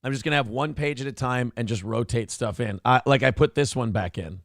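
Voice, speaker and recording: Gravelly, ranting male morning-show host. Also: medium pitch, fairly quick, fairly bright tone, no echo, clean studio sound. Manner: profane, ranting. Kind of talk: casual talk show banter.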